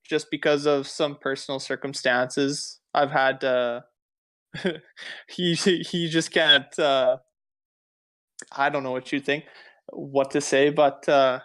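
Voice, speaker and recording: A man's voice: medium pitch, fairly bright tone. A man co-hosting a casual podcast, laid-back and ending points with "right?". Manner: laid-back, many fillers and "right?" tags. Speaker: podcast co-host.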